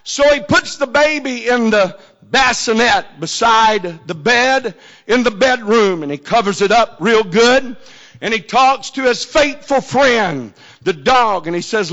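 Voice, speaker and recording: A man preaching a sermon, telling a story slowly and building to shouted climaxes. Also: high voice, animated. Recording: dull lo-fi recording.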